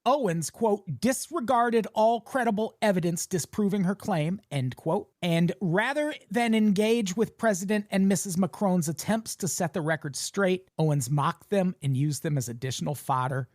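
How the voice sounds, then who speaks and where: A man's voice: high voice, normal speed, few pauses, dry recording, studio quality. A man co-hosting a casual comedic news podcast, sardonic and profane, laughing often. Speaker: podcast co-host.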